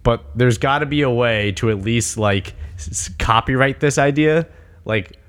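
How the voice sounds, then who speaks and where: A man in casual chat who talks excitedly, swears freely, and acts out imagined conversations. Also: medium pitch, moderate pace, clean tone.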